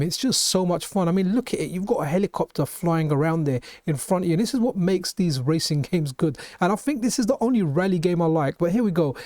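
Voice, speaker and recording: A man's voice: high voice, darkish tone, dry recording, clean studio sound. A man with a London accent hosting a retro gaming channel, chatting casually over gameplay and often restarting his sentences. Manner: chatty, restarts and repeats words.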